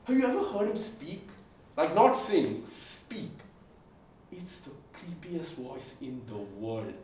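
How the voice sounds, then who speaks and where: A man's voice: fairly high pitch, huge pitch swings, slow, a little mellow, a little hiss or hum. A sick young man doing stand-up comedy in a rambling, filler-heavy way. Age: young adult. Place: comedy club stage, indoors. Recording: echoey room heard from far off.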